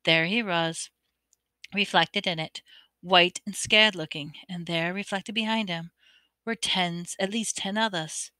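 Bright, crisp woman reading aloud. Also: lowish voice, measured pace, no room sound. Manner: expressive reading with occasional stumbles. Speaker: audiobook reader. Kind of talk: amateur audiobook narration.

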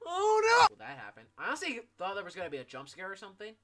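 A young man giving gameplay commentary. He talks in an animated, joking and profane way, with sudden shouts. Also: sits high, rapid-fire, background noise. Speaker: gaming YouTuber.

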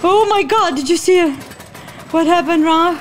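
A woman giving gameplay commentary, jumpy and swearing, gasping and yelling at the game as she plays. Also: very high voice, normal speed, a little hiss or hum. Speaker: gaming channel host. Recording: game sounds loud behind voice.

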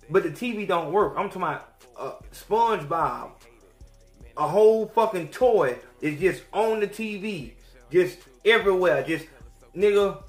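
Profane, animated man storyteller. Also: high-pitched, roomy sound. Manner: profane, animated, swings between loud outbursts and mutters. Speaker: podcast host. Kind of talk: crude storytelling rant.

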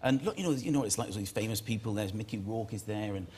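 A man in his thirties, a comedian guest telling animated comic anecdotes on a chat show. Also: lowish voice, fast talker, a little hiss or hum. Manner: animated storyteller.

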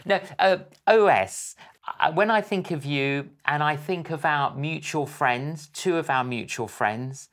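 A man in his sixties hosting an interview, speaking in a measured, halting way with frequent pauses and fillers. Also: a little high, a bit bright. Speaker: host, evangelist. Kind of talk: interview conversation.

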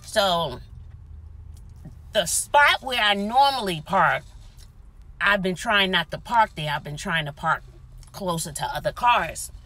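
Recorded inside a parked car, a female vlogger tells a dramatic story in casual conversation, animated and prone to whispered asides. Her voice is on the low side, slow, with long pauses.

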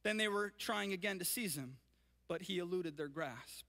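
A male pastor preaching a sermon and reading scripture, energetic and often checking in with his listeners. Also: sits high, normal speed. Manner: energetic, keeps checking in with "right?". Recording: long reverb of a large hall.

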